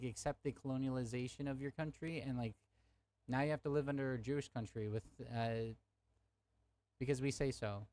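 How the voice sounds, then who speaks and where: A man's voice: mid-range voice, darkish tone. Young man, live-stream debate, heated, swearing, speaks to chat. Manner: angry, profane, talks to chat.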